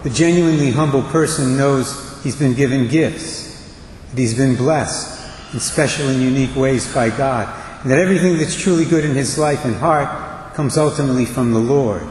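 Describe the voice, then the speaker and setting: Earnest priest preaching in an echoing church. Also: male voice, medium pitch, slight background noise. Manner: measured, earnest preaching with slow emphatic phrases. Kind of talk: homily. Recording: echoey church with long reverb.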